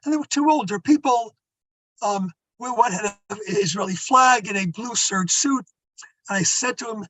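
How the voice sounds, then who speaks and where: A man's voice: high-pitched, normal speed, a bit bright, dry recording, poor audio. An older man, a rabbi, telling stories to an audience in a conversational way, with asides to his listeners. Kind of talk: storytelling talk.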